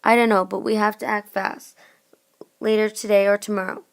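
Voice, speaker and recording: A woman's voice: medium pitch, flat delivery, moderate pace, smooth, natural voice. Woman playing a sly, brash pirate cook. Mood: scheming. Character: scheming male pirate ship's cook, friendly on the surface.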